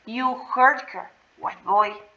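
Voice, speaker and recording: A woman's voice: on the high side, slow pace, bright, forceful tone, dull audio. A woman reading the lines of a big, menacing young man in a story read aloud.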